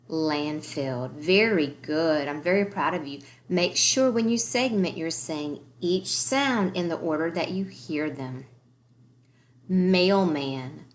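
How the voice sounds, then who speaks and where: A woman's voice: low-pitched, lively intonation, takes it slowly. A woman teaching a recorded early-grade reading lesson, encouraging the children and sounding out words letter by letter.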